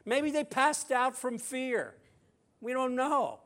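Man, high-pitched voice, sermon, conversational storytelling, playful humorous asides, loud emphasis and hushed moments. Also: slow pace. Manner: expressive, shifting between loud emphasis and soft near-whispers. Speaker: preacher. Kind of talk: sermon retelling a scripture story.

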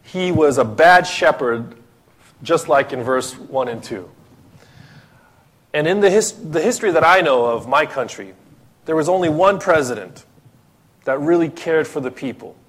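A man's voice: on the high side, lively intonation, unhurried, long pauses, fairly bright tone. A man from the Philippines, preaching a sermon as pastor, emphatic and full of rhetorical questions.

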